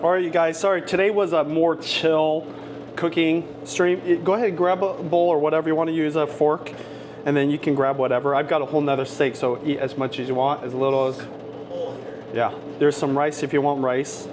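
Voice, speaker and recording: A man's voice: fairly high pitch, little pitch movement, fairly quick, darkish tone, a little hiss or hum. A man hosting a cooking live stream from his home kitchen, chatty and upbeat, talking straight to his viewers. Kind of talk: casual live-stream chat.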